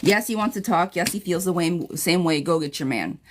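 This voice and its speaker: A woman's voice: on the low side, expressive, brisk, background noise. A woman tarot reader in a casual live-stream replay, answering viewers' questions in a blunt, chatty way and calling them girl and friend.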